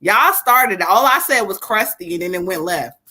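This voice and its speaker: A woman's voice: mid-range voice, lively intonation, moderate pace, bright, forceful tone, slight background noise. A woman hosting a live psychic reading stream who banters, laughs and swears with viewers before reading cards for them. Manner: laughing, bantering, profane, addresses viewers directly.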